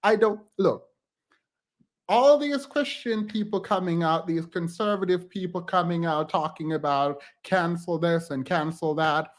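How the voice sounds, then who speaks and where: A man's voice: high-pitched, a little slow. A man hosting a reaction commentary channel, talking in a sassy, emphatic and dismissive way.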